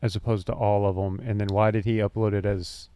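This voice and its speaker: A man's voice: fairly low pitch, little pitch movement, a little fast, dark tone, clear, resonant tone. A man co-hosting a casual podcast, asking blunt questions. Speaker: podcast co-host.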